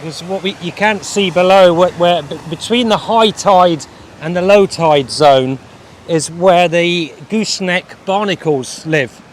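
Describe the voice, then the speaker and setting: Halting Glasgow-born man, southern English accent. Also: high voice, a little hiss or hum. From Scotland. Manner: halting, with restarts and fillers. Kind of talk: casual tour chat. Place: outdoors on a coastal walk.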